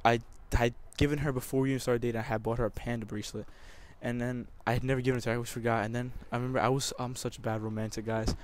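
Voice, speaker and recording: A man's voice: medium pitch, little pitch movement, rapid-fire, hardly any pauses, slight background noise. A young man telling a personal story over gameplay commentary, emotional and rambling, with many restarts. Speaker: gamer.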